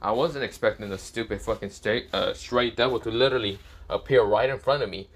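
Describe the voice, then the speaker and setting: A man's voice: fairly low pitch, brisk. A man voicing a cocky, possessive young demon-slayer hero.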